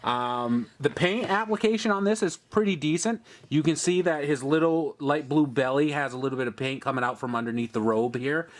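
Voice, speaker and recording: A man's voice: fairly high pitch, fairly quick, hardly any pauses. A man hosting a casual toy review, chatting upbeat as he points out details on each figure. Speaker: host of a toy review channel.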